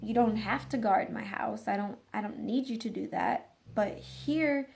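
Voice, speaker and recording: A woman's voice: fairly high pitch, unhurried, creaky, darkish tone. A woman dog trainer casually telling a rambling story, full of fillers and restarts.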